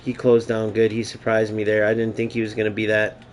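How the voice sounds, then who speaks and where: This is live gameplay commentary from a young streamer who curses casually and taunts his opponent during a football video game. The voice is fairly low and monotone, the pace brisk, with a little hiss or hum in the recording.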